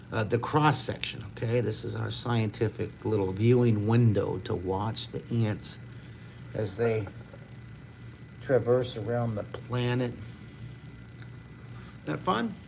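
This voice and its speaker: A man's voice: medium pitch, fairly even intonation, a little slow, creaky, a little mellow, a little hiss or hum. An older man leading a live-streamed drawing lesson, upbeat, chatty and encouraging to his viewers. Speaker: drawing teacher.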